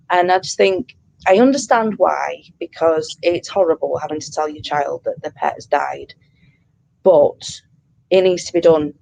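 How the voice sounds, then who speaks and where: A woman in her thirties, a pet bereavement counsellor, talking earnestly and warmly in an interview, with many fillers and restarts. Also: fairly low pitch, normal speed, gravelly, poor audio. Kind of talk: interview conversation.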